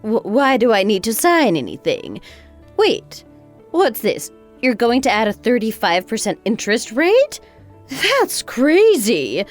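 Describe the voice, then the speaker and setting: A woman's voice: fairly high pitch, sing-song, measured pace, faint music behind. A woman voicing an indignant older mother-in-law. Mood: shocked. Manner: stammering, defensive, exasperated. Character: indignant older mother-in-law, proud, quick to take offense.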